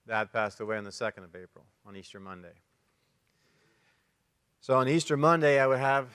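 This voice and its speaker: A middle-aged Canadian man speaking as a conference speaker, telling a personal testimony with emotional pauses and restarts. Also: mid-range voice, fairly bright tone, clear, resonant tone. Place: large conference hall. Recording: long hall reverb.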